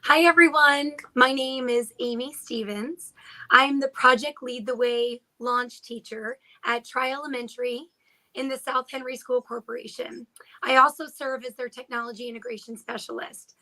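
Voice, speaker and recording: High, bright, upbeat woman. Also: fairly even intonation, normal speed, poor audio. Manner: upbeat, encouraging. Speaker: teacher and technology integration specialist. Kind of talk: casual panel chat.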